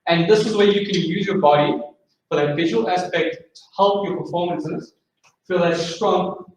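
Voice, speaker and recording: Male instructor with a high voice, distant mic, heavy room echo, lecturing and counting beats aloud. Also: moderate pace, slight background noise. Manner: explains and counts rhythms aloud. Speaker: drumming instructor. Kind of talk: masterclass lecture. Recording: echoey room from far off.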